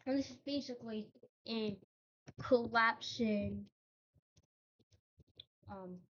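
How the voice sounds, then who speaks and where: A woman's voice: fairly high pitch, slow pace, a bit bright, highs cut off. A woman casually narrating over a map, hesitant, with frequent ums and self-corrections.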